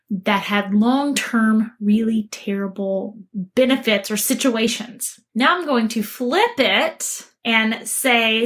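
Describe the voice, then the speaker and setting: A woman coaching listeners in an earnest, emphatic talk, acting out the quoted voices of others. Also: fairly high pitch. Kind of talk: motivational talk to camera.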